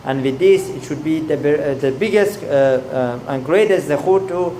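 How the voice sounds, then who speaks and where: A male rabbi delivers a sermon through a story, pausing and restarting often. His voice sits a little high for a man. The recording carries a roomy echo. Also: dark tone, a little hiss or hum. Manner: halting, many fillers and restarts.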